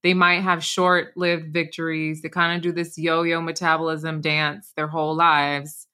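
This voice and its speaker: A woman's voice: deep voice, level tone, a little slow, bright, forceful tone, smooth. A woman who works as a wellness coach and co-hosts a podcast, chatting casually and energetically with plenty of "like" and "you know".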